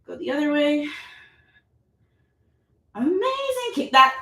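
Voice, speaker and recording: Woman, yoga instructor, playful and chatty, lively pitch, roomy echo. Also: a little slow. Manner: upbeat, playful, chatty with bursts of laughter and whoops. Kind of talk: guided yoga class instruction. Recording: echoey room, mic at a distance.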